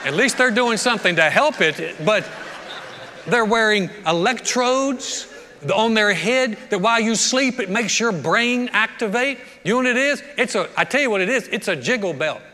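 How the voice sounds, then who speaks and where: Animated pastor preaching in a hall. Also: male voice, high voice, normal speed, a little hiss or hum. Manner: animated, joking, acts out voices of people. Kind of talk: sermon. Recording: long reverb of a large hall.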